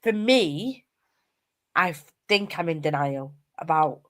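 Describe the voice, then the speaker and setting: A woman co-hosting a casual livestream book chat, speaking hesitantly with halting starts. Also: low voice, lively intonation. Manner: hesitant, halting, laughs easily. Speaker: book podcast co-host.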